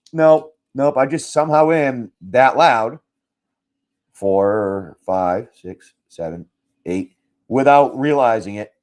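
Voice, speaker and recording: A man hosting a live card-pack stream, chatting casually, telling a story with quoted lines, swearing freely and talking loudly. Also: fairly high pitch. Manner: loud, swears freely, tells stories with quoted dialogue. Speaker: live card-break seller. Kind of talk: casual chat while opening card packs.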